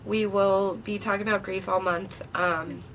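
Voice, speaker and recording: A woman's voice: mid-range voice, steady tone, a little slow, a bit bright. A woman hosting a podcast interview, encouraging her guest and laughing easily. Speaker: podcast host. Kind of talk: casual interview chat. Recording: distant mic with faint noise.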